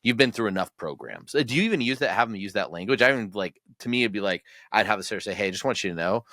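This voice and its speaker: Male podcast host, low voice, enthusiastic and chatty, dry sound. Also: lively intonation, sharp tone, no room sound. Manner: enthusiastic, quick bursts of agreement and laughter. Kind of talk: casual podcast interview.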